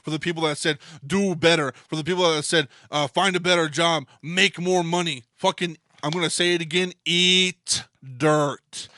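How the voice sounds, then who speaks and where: A man's voice: a little high, fairly even intonation, fairly quick, few pauses, pushed and bright, dry recording, clean studio sound. A man co-hosting a podcast, ranting heatedly in casual talk and swearing constantly. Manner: swears constantly, fired-up and emphatic. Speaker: podcast co-host.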